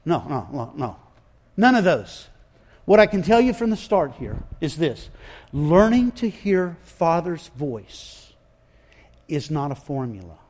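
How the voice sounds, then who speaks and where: A man's voice: a little high, big pitch swings, measured pace, darkish tone. A man preaching a sermon in an emphatic, folksy way, often repeating his phrases.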